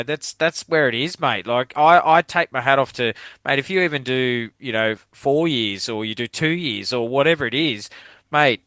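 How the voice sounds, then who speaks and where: A middle-aged Australian man hosts a casual podcast chat. His voice is bright and crisp, with a dry, close sound and no room around it. He talks in a laid-back way and drops "mate" into nearly every sentence. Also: mid-range voice, no room sound. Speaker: podcast host.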